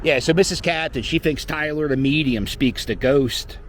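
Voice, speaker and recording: A man's voice: fairly high pitch, moderate pace. Rambling man on a scooter. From Philadelphia. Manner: rambling, joking, profane. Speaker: vlogger riding a scooter. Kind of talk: casual chat while riding. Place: outdoors on city streets. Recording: faint street noise.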